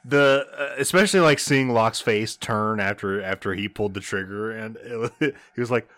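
A young man co-hosts a casual podcast chat in a mid-pitched voice. He talks haltingly, with many fillers and restarts, and his sentences often fade quietly at the end. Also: very animated, dry recording. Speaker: podcast co-host.

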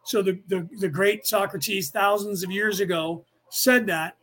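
A middle-aged man from the San Francisco Bay Area with a notably high voice for a man, racing through a casual spiritual class. His delivery is rapid and rambling, leaping from one thought to the next with restless energy as he hosts his podcast. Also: steady tone, bright, forceful tone. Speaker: podcast host teaching a class.

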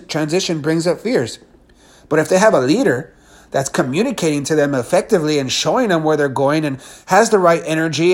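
Man, communication coach, energetic and emphatic, fairly high voice. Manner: energetic, emphatic, demonstrates tone shifts. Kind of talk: teaching talk to camera.

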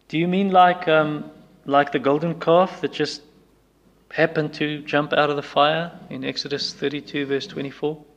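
A man's voice: a little high, little pitch movement, normal speed, highs cut off. A man preaching a sermon with emphatic repetition, acting out people's excuses in quoted voices. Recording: long reverb of a hall.

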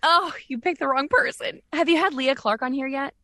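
A woman's voice: high voice, normal speed, bright, forceful tone. A woman who works as a voice actress and director, talking openly and chattily as a podcast guest and acting out sounds in her stories. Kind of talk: candid casual podcast chat.

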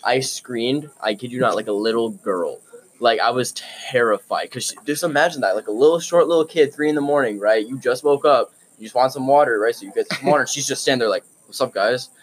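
A man's voice: medium pitch, fairly quick, poor audio. A young man co-hosting a casual chat, telling a rambling story and tagging lines with "right?". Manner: rambling, says "right?" a lot. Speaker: co-host.

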